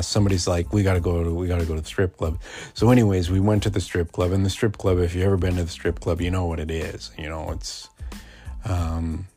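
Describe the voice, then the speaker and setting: A podcast host in his forties, deep-voiced and mellow, tells a personal story casually and ramblingly, full of fillers and restarts.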